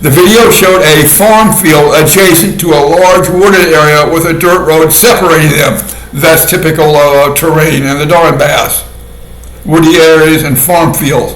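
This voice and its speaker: A man giving a casual monologue commentary in a sardonic way, laughing often at his own dark jokes. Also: a little high. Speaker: video commentator. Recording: echoey room.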